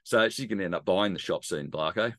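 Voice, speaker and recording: A man's voice: sits low, brisk, a bit bright, no echo, studio quality. A man with an Australian accent co-hosting a casual sports podcast, rambling and joking through a match recap. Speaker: podcast co-host.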